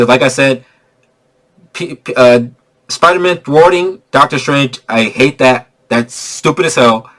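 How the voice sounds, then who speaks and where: A young man giving an excitable, slangy spoiler review of a movie, repeating himself for emphasis. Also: medium pitch.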